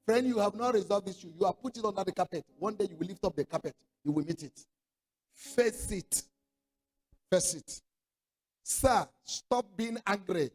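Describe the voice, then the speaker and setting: Emphatic high-voiced man preaching. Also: quick pace, hardly any pauses, darkish tone, breathy edge. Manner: emphatic, repeats commands, call-and-response. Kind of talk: sermon.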